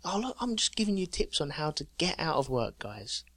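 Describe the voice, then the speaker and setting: A man's voice: on the high side, very animated, fairly quick, fairly bright tone, no echo. Male co-host, jokey storyteller, dry close-mic sound. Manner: jokey storyteller, reading out news items with chuckles. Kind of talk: casual chat.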